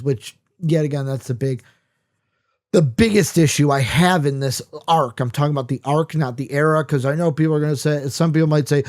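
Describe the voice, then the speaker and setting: A man's voice: fairly high pitch, a little fast, darkish tone. A man in a casual, rambling comic book discussion, talking with many fillers and asides.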